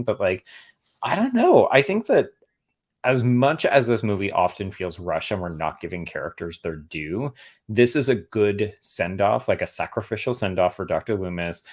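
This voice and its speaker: A man's voice: on the low side, animated, normal speed, darkish tone. A man speaking as a guest critic in a casual film chat, articulate and wry. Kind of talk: casual movie review chat.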